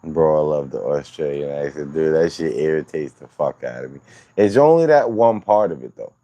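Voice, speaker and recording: A man's voice: rumbling low, animated, normal speed, warm tone, no room sound. A man hosting a livestream, chatting casually with viewers in loose, profane, rambling banter. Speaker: livestream host.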